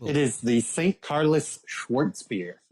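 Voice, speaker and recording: A man's voice: mid-range voice, lively intonation, slow, a little mellow, poor audio. A man co-hosting a podcast in casual chat, easygoing and using fillers. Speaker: podcast co-host.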